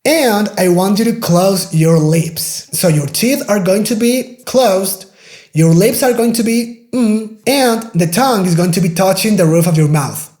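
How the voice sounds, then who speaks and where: A man's voice: high-pitched, animated, a little mellow, roomy sound. Spanish-accented man teaching pronunciation. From Spain. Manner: patient, demonstrating sounds slowly and repeating words. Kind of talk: pronunciation lesson.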